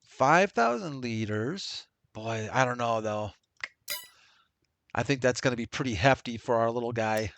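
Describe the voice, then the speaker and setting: A man's voice: medium pitch, lively intonation, unhurried, a bit bright, no echo. A man casually commenting as he plays a farming game, musing aloud and laughing to himself. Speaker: let's play host. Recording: game engine noise behind voice. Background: tractor and engine sounds from the game.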